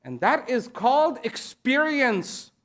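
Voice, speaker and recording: A man giving a speech to an audience, slow and deliberate, pausing between short phrases and repeating key words for emphasis. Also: extremely high pitch, big pitch swings, a bit bright. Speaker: invited speaker. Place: event at a large international venue.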